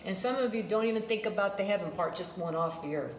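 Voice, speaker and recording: A woman's voice: medium pitch, fast, echoey room, slight background noise, poor audio. A woman preaching a sermon, emphatic, repeating her phrases and drifting into side stories.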